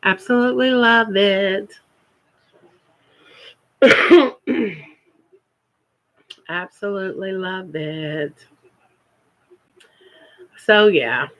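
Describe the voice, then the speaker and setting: A woman's voice: medium pitch, extremely slow, long pauses, fairly bright tone, rough recording. A woman, chatting casually on her first live stream and repeating words for emphasis.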